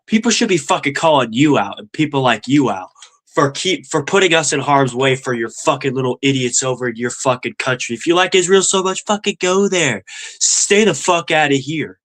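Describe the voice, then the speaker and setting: A man's voice: medium pitch, expressive, moderate pace, a bit bright. A young man with a nasal voice hosting a stream, ranting angrily about politics and swearing constantly. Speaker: stream host. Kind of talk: profane political rant.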